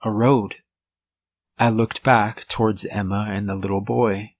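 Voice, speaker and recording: A man giving a measured, scripted first-person narration of a horror story. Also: on the low side, flat delivery. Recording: faint music bed under voice. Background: soft background music.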